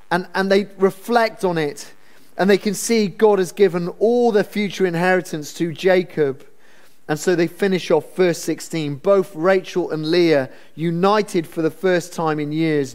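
A man's voice: high voice, darkish tone. A man preaching a Bible sermon in a conversational, humorous storytelling manner. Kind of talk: expository sermon.

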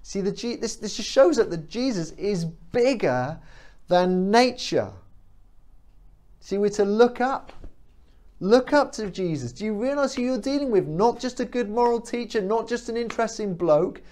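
A man preaching a sermon, animated and emphatic, with frequent fillers. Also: sits high, moderate pace.

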